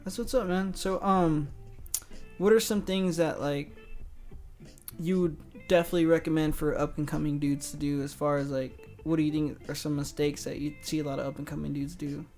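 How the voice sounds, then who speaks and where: A man hosting a casual interview, telling stories with animated, acted-out quotes and plenty of slang. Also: fairly high pitch, normal speed, faint music behind. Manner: animated storyteller who acts out quoted dialogue. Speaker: interview host.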